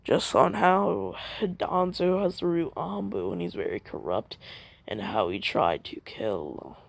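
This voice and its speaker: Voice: medium pitch, animated, takes it slowly, gravelly, no echo. A fan storyteller rambling through a story, full of fillers and self-corrections.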